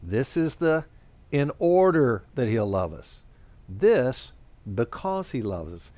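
A man preaching in an easy, conversational way, with plenty of pauses and small fillers. His voice sits in an ordinary middle register. He works through his points step by step as he draws a diagram. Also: medium pitch, sing-song, warm tone, dry recording. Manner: explains points while drawing a diagram. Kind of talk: sermon with storytelling.

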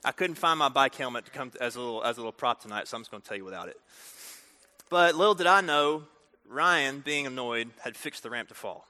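A man preaching a storytelling sermon, talking directly to the audience in an animated way. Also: medium pitch, a little fast. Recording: reverberant hall.

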